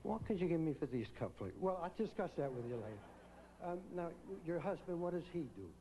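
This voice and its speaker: A male emcee with a somewhat high but mellow voice works the stage with teasing, quick-witted banter. He asks contestants their final questions live, with a faint hiss of noise behind him. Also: expressive, rough recording. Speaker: pageant host. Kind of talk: joking live pageant emcee.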